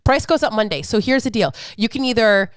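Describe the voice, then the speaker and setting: A woman's voice: a little high, expressive, fairly quick, clear, resonant tone, dry recording. Brief: woman in her thirties, fired-up, preachy fitness coach, dry close sound. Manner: blunt, profane, fired-up, preachy. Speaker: fitness coach and podcast host. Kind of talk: unfiltered podcast rant.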